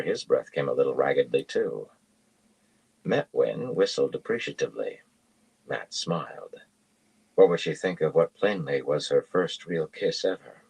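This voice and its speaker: A man reading a fantasy novel aloud in a steady, measured way. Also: a bass voice, gravelly, slightly rough, rough recording. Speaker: audiobook reader.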